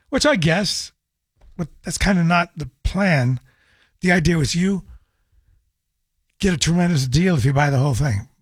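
Male radio host, hoarse scratchy voice, slightly high pitch, dry studio sound, rambling chatty stories. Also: dry recording. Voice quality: raspy. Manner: rambling anecdotal storytelling with restarts. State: hoarse, scratchy voice after a cold. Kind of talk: casual call-in radio chat. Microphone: studio microphone.

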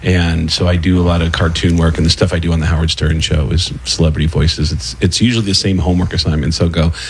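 A man's voice: deep voice, little pitch movement, fast talker, breathy edge. A comedian telling stories in a casual radio interview, acting out the people he quotes. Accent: none, learned speech from television. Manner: storytelling, acts out the people in his stories. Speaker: comedian and guest.

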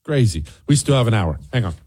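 A man's voice: on the low side, sing-song, quick pace, a little mellow, husky. A man hosting a political talk radio show, delivering a heated, ranting monologue.

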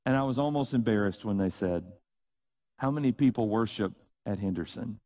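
A man's voice: on the low side, fairly quick, warm tone. A middle-aged man with a Tennessee Southern accent, preaching an earnest, conversational sermon with folksy asides and acted-out bits of dialogue.

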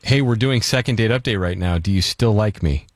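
A man's voice: fairly low pitch, fairly quick, slight background noise. A man hosting a radio call-in segment, talking in a playful, teasing way. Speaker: radio show host.

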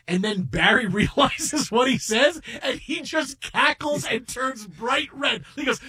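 A middle-aged man hosting a sports radio show, telling stories in an animated, rambling way with many restarts. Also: high-pitched, normal speed, hardly any pauses, slightly rough. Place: radio studio.

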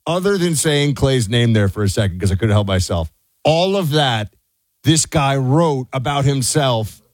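A man's voice: mid-range voice, expressive, normal speed, no room sound. A male talk radio co-host, reading diary entries and ranting with rising indignation. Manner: indignant, voice rising to near-shouting.

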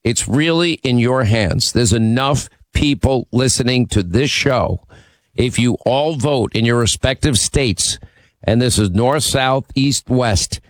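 A man's voice: medium pitch, takes it slowly, no room sound. A man hosting a talk radio show, teasing callers and rallying his listeners in an emphatic way.

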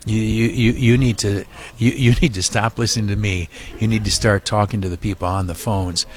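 A man with a fairly low voice pleads earnestly over a studio microphone during a live radio charity drive. He stammers, repeats himself and fills gaps with hesitations as he urges listeners on. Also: steady tone, fairly quick. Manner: earnest, repetitive pleading with frequent stammers and fillers. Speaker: radio host running a hospital fundraiser.

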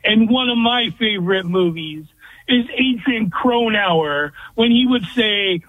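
A man's voice: sits high, expressive, unhurried, no echo. A man calling in to a sports talk radio show, giving blunt, opinionated rants. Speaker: caller. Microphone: phone. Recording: dry tinny phone line.

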